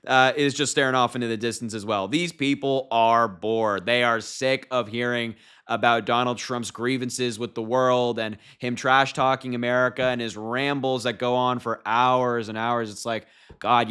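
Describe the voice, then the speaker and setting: A man's voice: mid-range voice, pushed and bright, smooth. A young man giving casual political commentary to his viewers, mocking and laughing as he talks.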